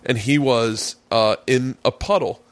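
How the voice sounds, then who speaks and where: A man's voice: medium pitch, unhurried, no room sound. A man hosting a podcast from his man cave, swapping loose, profane stories in casual chat. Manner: rambling storyteller, profane, jokey. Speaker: podcast host.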